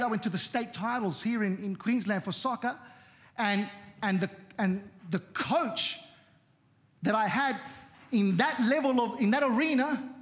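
A man's voice: sits high, a bit bright. A man preaching a sermon as pastor, telling stories in a repetitive, conversational way and often saying amen. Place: church.

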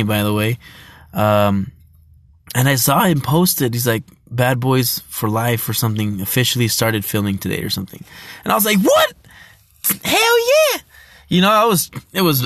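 A man's voice: mid-range voice, fairly bright tone, no echo, clean studio sound. A young man in casual talk about movies, rambling, laughing often and swearing loosely as he records on his phone. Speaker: vlogger.

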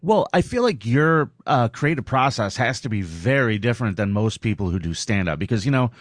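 A man's voice: medium pitch, expressive, brisk, no echo. A male stand-up comic hosting a podcast interview, easygoing with dry asides. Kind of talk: casual interview. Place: podcast studio.

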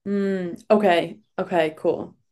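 A woman's voice: on the low side, steady tone, slow pace, dark tone. Chatty gushing woman podcast host. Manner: gushing, chatty, heavy use of filler words. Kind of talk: casual interview chat.

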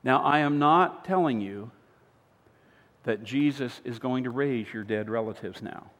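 A pastor preaching a sermon, retelling a story with humor, swinging between loud emphatic lines and quiet earnest appeals. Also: male voice, medium pitch, unhurried. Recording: long hall reverb.

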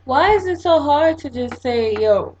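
A woman's voice: high voice, lively intonation, moderate pace, darkish tone. A woman co-hosting a casual podcast chat, blunt and profane, often acting out what people say. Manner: blunt and profane, acts out quotes. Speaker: podcast co-host. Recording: dull lo-fi sound.

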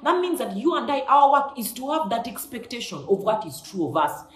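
A woman's voice: a little high, big pitch swings, a little fast, hardly any pauses. A woman preacher giving a devotional sermon, emphatic and repeating her key lines for effect. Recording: echoey room.

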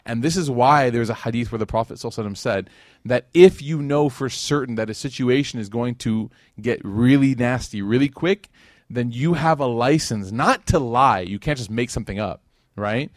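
A man's voice: mid-range voice, brisk, no room sound, studio quality. A man giving a casual religious lecture, telling stories in a conversational way and acting out the quoted lines. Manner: conversational, acts out quotes, many "like" and "right?".

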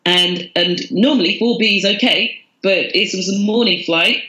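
A woman's voice: mid-range voice, moderate pace, bright, forceful tone, roomy sound, poor audio. A woman, a podcast guest telling her story candidly and with self-mockery. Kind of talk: casual storytelling.

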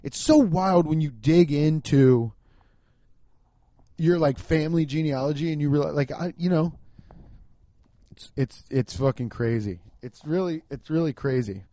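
A man's voice: a little high, measured pace, dry recording. A man from Cincinnati rambling through a casual comedic monologue, swearing and laughing as he goes. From Cincinnati, US Midwest. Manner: rambling, profane, laughs often, animated.

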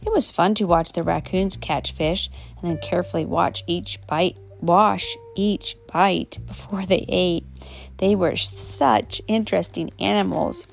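A woman's voice: fairly low pitch, fairly even intonation, a little slow, creaky. A woman reading a children's storybook aloud at home, an unpolished reading with slips and self-corrections. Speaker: reader.

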